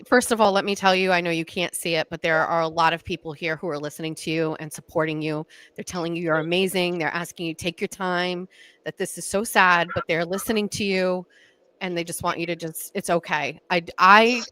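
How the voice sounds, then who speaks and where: A woman's voice: lowish voice, fairly even intonation, brisk, a bit bright, clean tone. A woman hosting a livestream talk show, speaking in a reassuring, encouraging way.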